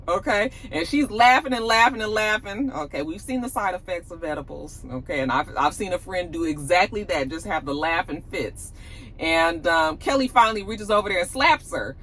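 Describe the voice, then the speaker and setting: A woman's voice: mid-range voice, lively intonation, fairly quick, fairly bright tone, slight background noise, rough recording. A woman recapping a TV episode in a chatty, slangy way, laughing often. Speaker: TV episode reviewer. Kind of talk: casual TV recap.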